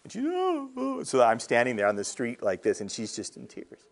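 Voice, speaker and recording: A man's voice: fairly low pitch, steady tone, a little fast, gravelly. A middle-aged male pastor preaching a sermon in a conversational way, often checking in with the congregation. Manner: conversational preaching with frequent "all right?" check-ins.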